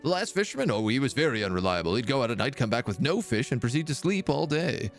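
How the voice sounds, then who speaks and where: A chatty, brisk mayor who gossips with a faintly disdainful air, speaking a touch higher and quicker, with a lively swing in his voice, as a man puts him on. He briefs a newcomer in a fishing game. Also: faint music behind. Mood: gossipy.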